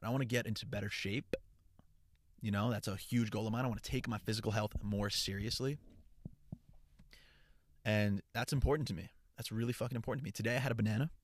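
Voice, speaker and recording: A man's voice: on the low side, no echo. Rambling, profane young man, dry sound. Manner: rambling and profane, with frequent restarts; upbeat and earnest. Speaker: content creator. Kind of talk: casual chat.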